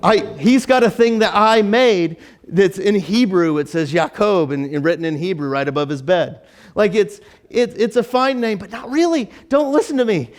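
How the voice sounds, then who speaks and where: A man's voice: sits high, animated, moderate pace. A man preaching a casual sermon as pastor, chatty and joking, with frequent restarts and fillers. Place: church.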